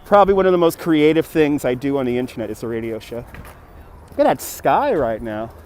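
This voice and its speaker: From Brooklyn, New York, this man hosts a casual livestream by a city river outdoors, shooting on a phone on a gimbal while he reads viewers' messages aloud and thanks donors. His mid-range voice is very animated and fairly quick, darkish in tone, with a little hiss or hum.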